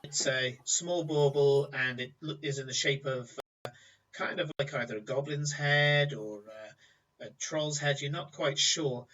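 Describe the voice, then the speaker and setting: A man's voice: medium pitch, measured pace, bright, forceful tone. A man narrating a tabletop game as game master, with vivid descriptive storytelling, on a distant, muffled recording.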